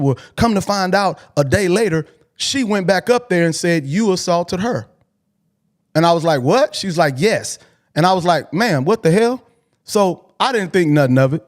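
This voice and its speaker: A man casually telling a long personal story as a show host, animated and swearing, often restarting his sentences. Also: fairly high pitch. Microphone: call-in video chat.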